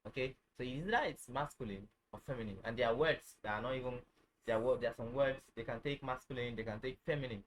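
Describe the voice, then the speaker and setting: A man giving an informal French lesson, repeating words slowly, checking that viewers follow, and correcting himself as he goes. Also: mid-range voice, a bit bright, a little hiss or hum, rough recording. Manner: restarts and self-corrects often. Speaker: French teacher.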